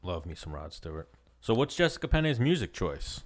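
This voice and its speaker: Deep-voiced, fast-talking man co-host. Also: very animated. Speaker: podcast co-host. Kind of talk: casual podcast chat.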